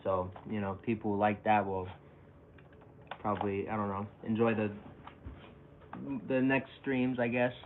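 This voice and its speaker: A young man chats live with his viewers in a low, easygoing voice, wandering from thought to thought and poking fun at himself. The sound is tinny and narrow like a phone call, with a faint hiss underneath. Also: little pitch movement, unhurried, long pauses. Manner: rambling, self-mocking, chuckles often and reacts to chat. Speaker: streamer. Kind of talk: casual live-stream chat.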